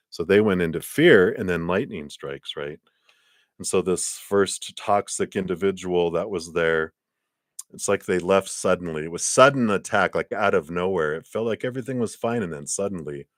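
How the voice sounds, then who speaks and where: Tarot reader, male, very low voice, dry close sound, lively storyteller who acts out quotes. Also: dry recording. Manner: animated storytelling with acted quotes and sound effects. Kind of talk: live-stream tarot reading. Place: indoors.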